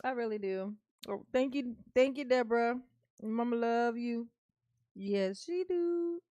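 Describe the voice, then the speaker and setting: Woman reaction host, higher voice, dry close sound, animated and loose-mouthed. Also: a little slow, smooth, dry recording. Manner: animated, laughing, swearing freely. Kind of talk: casual reaction commentary.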